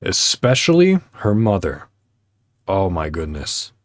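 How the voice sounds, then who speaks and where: Male podcast host, deep and slow, casual heartfelt chat with lots of ums, dry recording. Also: very animated, no echo. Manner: halting, many fillers, heartfelt storytelling. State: choked up.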